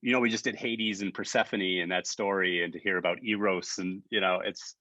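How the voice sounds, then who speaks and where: A man's voice: deep voice, fairly even intonation, brisk, bright, forceful tone, no room sound, highs cut off. A middle-aged man hosting an online gathering, talking casually with many restarts and fillers. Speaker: event host. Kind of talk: casual hosting on a video call.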